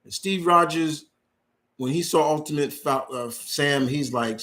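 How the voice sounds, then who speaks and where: A man hosting a live Q&A stream, his voice sitting a bit high for a man. He rants in a heated, profane way and hammers the same point over and over. Between rants he reads viewer questions out loud. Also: measured pace. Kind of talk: unscripted live-stream rant.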